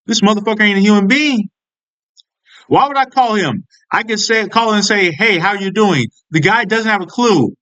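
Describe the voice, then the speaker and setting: A man's voice: high-pitched, normal speed, a bit bright, smooth, dull audio. A man giving a heated, profane political rant as a video commentator, stumbling and restarting as he vents.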